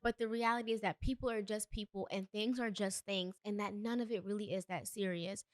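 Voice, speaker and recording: This young woman's solo podcast offers motivational talk delivered earnestly and somewhat preachily, punctuated by emphatic bursts. Her medium-pitched voice has a sharp tone, captured cleanly in the studio without room sound.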